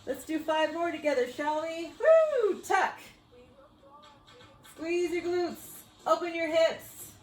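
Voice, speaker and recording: A woman's voice: very high-pitched, level tone, measured pace, few pauses, reverberant, rough recording. A woman fitness coach leading a floor workout, upbeat and whooping as she exercises along, slightly out of breath. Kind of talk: workout instruction.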